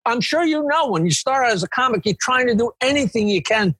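Older comic, husky voice, rambling animated storytelling, dry close mic. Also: male voice, extremely high pitch, fast, no room sound. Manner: animated, digressive storytelling with swearing and quoted voices. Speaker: comedian, guest. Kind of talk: storytelling interview.

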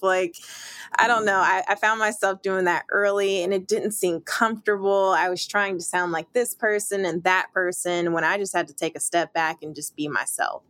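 A woman's voice: on the low side, steady tone, moderate pace, fairly bright tone, no echo. A young woman sports reporter, interviewed, talking in upbeat, emphatic bursts with occasional laughs.

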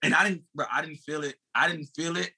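This former sprinter, a U.S. man in his thirties, recounts a race with animated energy, swearing freely and addressing the host as bro. He speaks quickly in a somewhat high voice that sounds slightly rough.

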